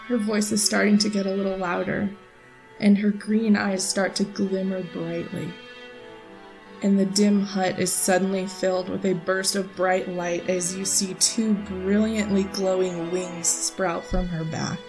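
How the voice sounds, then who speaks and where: A woman game master narrating a tabletop role-play in a steady, descriptive way. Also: medium pitch, takes it slowly, faint music behind.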